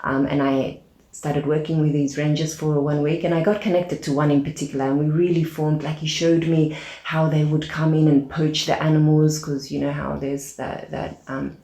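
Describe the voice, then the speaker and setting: A low-pitched woman tells a personal story in a relaxed interview, with plenty of fillers and restarts. She acts out the lines she quotes as she goes. The room adds a noticeable echo. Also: moderate pace. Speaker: podcast guest, aid organization founder. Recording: roomy echo.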